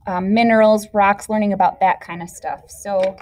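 A woman's voice: mid-range voice, steady tone, normal speed. A woman teacher patiently explaining a classroom activity step by step to young children. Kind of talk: classroom instruction video.

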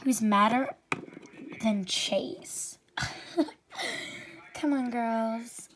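A woman acting out a toy pet role-play, voicing every character herself and jumping between squeaky high voices and hushed whispers. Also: drawn-out words, pauses often. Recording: noisy home recording.

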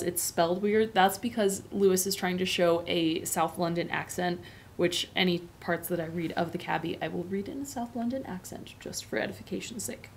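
A woman's voice: fairly low pitch, a little mellow. A woman in a casual, explanatory tone, teaching a lesson on a novel. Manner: explanatory and conversational. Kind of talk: book lesson.

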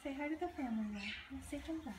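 A woman who runs a cat boarding business, giving owners casual updates and baby-talking to the cats in a cooing sing-song with soft whispers, filmed on a phone. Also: sits high, rapid-fire, distant mic, slight background noise. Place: indoor cat boarding room. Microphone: handheld phone camera. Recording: echoey room, phone mic held off.

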